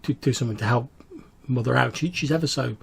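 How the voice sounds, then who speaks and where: A man's voice: mid-range voice, fast talker, creaky, a little hiss or hum, close to an everyday voice. A man putting on a tearful young village girl. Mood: pleading. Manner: pleading, voice quavering on the edge of breaking.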